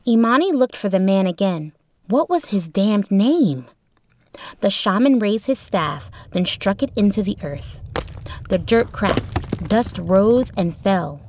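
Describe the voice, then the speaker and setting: A woman reading a storybook chapter in a steady, expressive narration. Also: mid-range voice, takes it slowly. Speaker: audiobook narrator.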